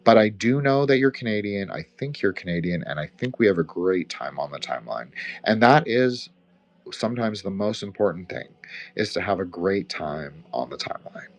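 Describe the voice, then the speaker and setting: Deep-voiced and expressive, this host talks at a normal pace with a faint Quebecois accent. Wrapping up a live audio chat casually, he rambles, curses, and uses fillers often.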